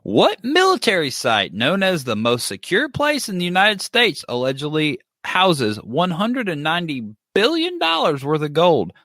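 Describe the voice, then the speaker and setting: A man reading trivia questions on a podcast and cracking jokes between them. His pitch swings widely as he talks. The sound is dry and close. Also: wildly swooping pitch, moderate pace, few pauses, pushed and bright, no echo. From Kentucky. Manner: joking, reads questions aloud. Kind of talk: casual chat.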